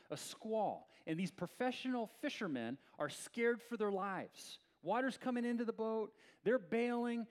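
Animated male preacher, lively storytelling. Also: high-pitched. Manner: conversational, animated storytelling with acted-out voices; opens in a soft, slow prayer. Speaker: pastor. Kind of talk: sermon.

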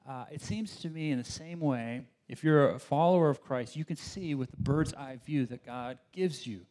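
A man preaching a sermon in a relaxed, conversational way, with asides to the congregation and quoted voices. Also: medium pitch, normal speed. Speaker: pastor.

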